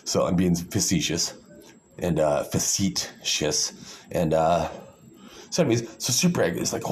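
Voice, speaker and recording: A man's voice: deep voice, expressive, measured pace. A man in a rambling, sarcastic and condescending monologue, full of fillers and restarts.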